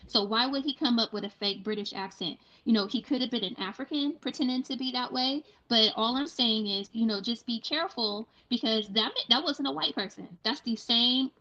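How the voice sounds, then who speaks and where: Bright earnest woman, muffled audio. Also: a little high. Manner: earnest, cautioning, many restarts. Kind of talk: casual conversational commentary.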